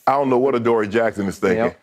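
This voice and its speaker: A man co-hosting a sports talk show who talks very fast and bluntly. He breaks down the defense in quick, clipped remarks. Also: medium pitch, slight background noise. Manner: quick, blunt, short agreements. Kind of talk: football analysis chat.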